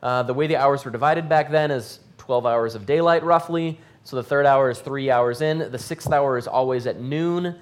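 A man's voice: mid-range voice, normal speed, hardly any pauses. A man giving conversational Bible teaching, asking his listeners questions and thinking aloud with fillers.

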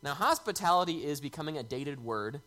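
A man's voice: on the high side, lively intonation, fairly quick, pushed and bright. A man preaching a sermon in a conversational way, lifting his voice on key words. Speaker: pastor.

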